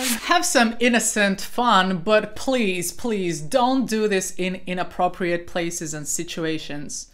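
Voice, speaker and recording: A young woman teaching a voice lesson on false cord talking, joking playfully and dropping into a gravelly rattle for her demonstrations. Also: mid-range voice, slow pace, fairly bright tone. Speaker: vocal coach.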